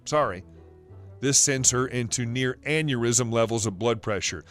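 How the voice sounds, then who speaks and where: A man's voice: medium pitch, normal speed, faint music behind. A man narrating a first-person story in a wry, dryly sarcastic storytelling manner.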